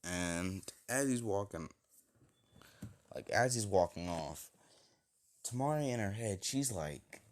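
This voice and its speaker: Young man, deep voice, loose crude fan-fic rambler. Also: expressive, slow pace, long pauses. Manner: crude, rambling, full of likes and kindas. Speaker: fan fiction storyteller. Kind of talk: casual rambling retelling.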